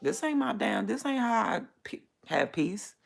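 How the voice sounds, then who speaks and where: In a casual vlog with soft music in the background, a woman who runs a small business complains to the camera about how hectic her life is, rambling, blunt, and freely swearing. Her medium-pitched voice is gravelly and fry-heavy, with a sing-song, unhurried lilt.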